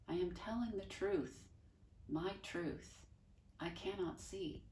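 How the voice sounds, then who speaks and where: A woman's voice: lowish voice, takes it slowly, darkish tone, slight background noise, pitched above the performer's own voice. A woman reading aloud as a gloomy, formal boy who speaks in long, self-pitying sentences. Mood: mournful, formal. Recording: echoey room, voice from far off.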